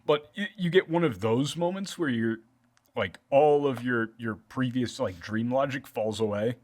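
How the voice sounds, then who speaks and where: A man's voice: mid-range voice, normal speed, a little mellow. Rambling man running a tabletop game. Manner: loose, rambling description with many fillers. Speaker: game master.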